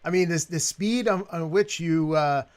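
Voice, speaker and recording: A man hosting an interview show, asking questions haltingly with many restarts. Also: on the high side. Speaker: show host. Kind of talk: interview chat.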